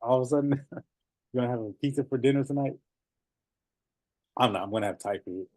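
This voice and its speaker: A man coaching notaries in a casual, animated talk, laughing often and repeating phrases. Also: medium pitch, fairly quick, no room sound.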